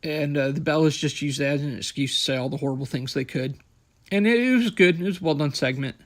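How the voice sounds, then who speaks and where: A man's voice: on the high side, fast. A young man hosting a podcast, recapping wrestling in a blunt, sarcastic, profane way. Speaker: podcast host.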